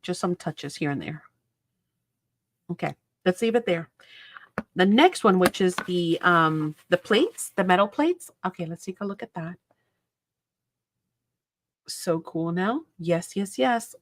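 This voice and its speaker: A woman's voice: lowish voice, lively intonation, unhurried, long pauses, a little hiss or hum. A woman hosting a crafting video, chatting casually as she works and rambling through stories that trail off mid-sentence. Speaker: crafting channel host. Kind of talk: casual crafting chat while working.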